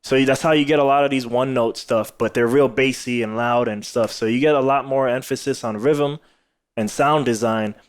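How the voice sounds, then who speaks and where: A man's voice: mid-range voice, steady tone, normal speed, smooth. A tired man hosting a podcast, talking casually with lots of fillers and frequent laughter. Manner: laughs often, rambling with many fillers. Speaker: podcast host. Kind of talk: casual chat.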